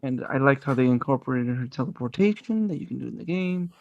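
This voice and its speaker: A man's voice: medium pitch, lively intonation, quick pace, vocal fry, lo-fi sound. A man chatting casually as a podcast co-host, enthusiastic and rambling, swearing often. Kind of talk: casual movie review chat.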